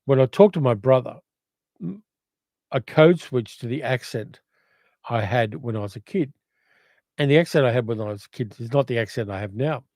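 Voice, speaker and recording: An older man with an educated Australian accent chats through a livestream, reading viewer comments aloud and wandering off into reflections. His voice is dark and mellow. The sound is dry and close. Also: medium pitch, lively intonation, normal speed, long pauses, no echo. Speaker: livestream host.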